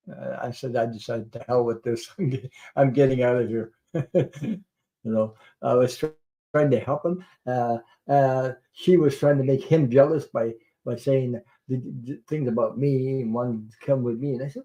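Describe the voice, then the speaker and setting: A man's voice: medium pitch, mellow, rough recording. A middle-aged man hosting a tarot livestream, chatting in a rambling way, laughing often and swearing casually. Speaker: tarot reader and livestream host.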